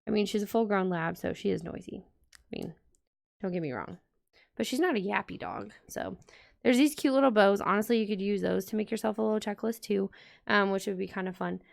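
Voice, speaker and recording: A woman's voice: mid-range voice, brisk, creaky. A woman vlogger chatting casually to her viewers while decorating a planner, rambling and talking straight to the audience. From United States.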